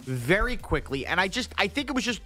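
A man's voice: high-pitched, very fast, soft background music. A man from Long Island hosting a sports radio show, talking in a casual, emotional, jokey way with a Long Island accent. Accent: Long Island New York. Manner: animated, emotional, jokey and self-mocking. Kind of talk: casual sports talk banter.

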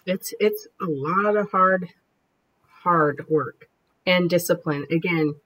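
Brash, profane woman with a husky voice. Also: on the low side, low-quality recording. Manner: brash, profane, combative storytelling. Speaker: podcast guest. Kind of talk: casual chat.

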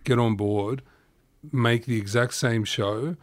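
A man's voice: medium pitch, fairly even intonation, slow, no echo, studio quality. An Australian man in his thirties hosting a comedy podcast, swearing and riffing in casual chat. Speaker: podcast host.

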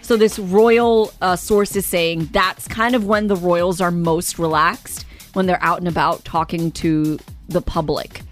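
A woman's voice: on the low side, fairly even intonation, a little slow, faint music behind. A woman presenting a celebrity gossip segment on a radio show, chatty and opinionated. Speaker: radio entertainment news presenter.

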